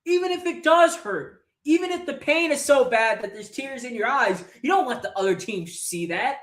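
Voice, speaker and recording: A man's voice: extremely high pitch, expressive, normal speed, a bit bright. Angry man ranting in a roomy echo. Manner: angry, profane ranting with rhetorical questions. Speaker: host of a football fan channel. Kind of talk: livestream match reaction rant.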